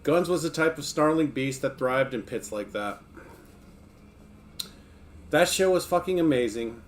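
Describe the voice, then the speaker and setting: A man's voice: on the high side, unhurried, a little hiss or hum. A man streaming casually, joking with his viewers and reading a book aloud between chats. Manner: laid-back, joking, talks to chat between passages.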